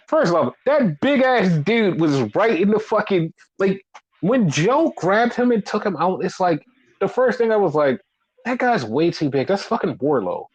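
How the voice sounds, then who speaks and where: A man's voice: fairly high pitch, darkish tone, dry recording, poor audio. A man co-hosting a casual wrestling podcast, ranting in a profane, exasperated way. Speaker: podcast co-host.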